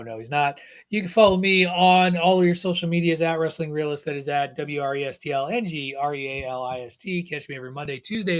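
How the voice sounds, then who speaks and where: A middle-aged man hosting a podcast, telling stories in casual, animated chat and rambling with restarts. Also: on the high side. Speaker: podcast host.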